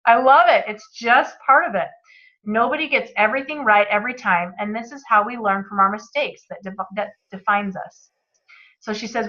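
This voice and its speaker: A woman's voice: mid-range voice, moderate pace, sharp tone, muffled recording. Enthusiastic woman reading a motivational book. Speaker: book club host. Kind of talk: reading aloud and commenting on a book.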